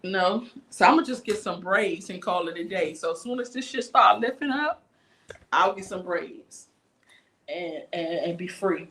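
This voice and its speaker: A livestream host with a lowish, unhurried voice recounts a story as a casual rant full of profanity. She's animated throughout and performs all the voices herself.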